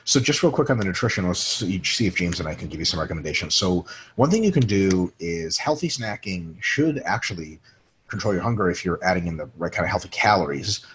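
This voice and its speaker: A man's voice: deep voice, animated, brisk, fairly bright tone, a little hiss or hum. A man co-hosting a casual podcast, joking and swearing freely while reading listener questions aloud and answering them. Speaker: podcast co-host.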